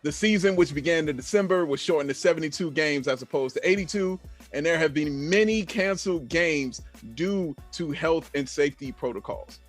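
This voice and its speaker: Man, slightly high voice, podcast host, steady, teasing. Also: normal speed, soft background music. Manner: steady moderator who teases. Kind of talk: casual sports chat.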